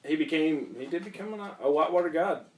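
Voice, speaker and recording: A man's voice: fairly high pitch, fast talker. A young man in casual podcast chat, telling a story while laughing and swearing freely. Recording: echoey room, mic at a distance.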